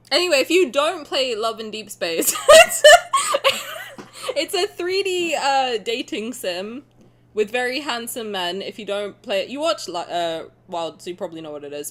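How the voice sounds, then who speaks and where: Excitable woman streamer, lively pitch. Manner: excitable, laughing, bursting into yells. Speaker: game streamer. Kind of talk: excited casual reaction stream chat.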